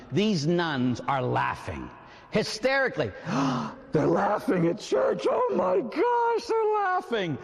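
A man, a priest, telling a story during a sermon in a lively, emphatic way. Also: sits high, vocal fry, big-room sound. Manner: animated storytelling, emphatic preaching. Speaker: Catholic priest.

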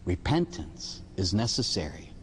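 A man who is a Catholic priest, giving an animated sermon with rhetorical questions and little stories. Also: low-pitched, a little slow, slight background noise. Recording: hall reverb.

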